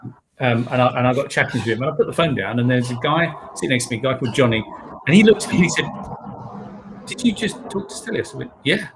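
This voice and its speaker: A man co-hosting a live chat, telling anecdotes in an animated way. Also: medium pitch, racing, noisy background. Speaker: co-host.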